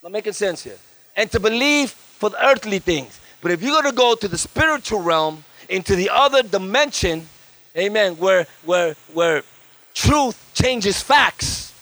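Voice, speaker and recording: A man's voice: high-pitched, unhurried, no echo. A man preaching as a guest pastor at a church service, fervent, with story-telling asides and calls for amens. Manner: tells stories with lively asides. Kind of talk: sermon.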